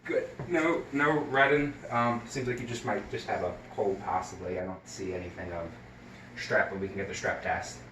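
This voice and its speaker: A man's voice: fairly low pitch, fairly even intonation, moderate pace, far from the mic, noisy background. Hesitant man explaining an exam in an echoey room. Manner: hesitant, many fillers, explains each step. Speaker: nursing student. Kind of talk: recorded skills demonstration.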